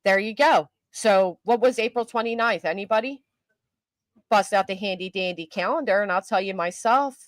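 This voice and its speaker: A woman's voice: medium pitch, moderate pace, dry recording, studio quality. An older woman hosting a casual live-stream commentary, chatty and self-mocking, answering her chat as she goes. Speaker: YouTube commentary host.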